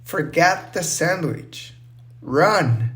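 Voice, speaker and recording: Calm teasing young woman friend, slow storybook reading, voiced by a man. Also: on the high side, exaggerated voice. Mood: urgent.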